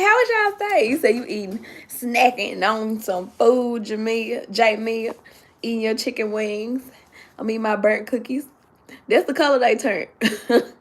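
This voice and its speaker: A woman hosting a casual livestream, chatty and excitable, greeting viewers by name and repeating herself, a little sleepy. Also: mid-range voice. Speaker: livestream host.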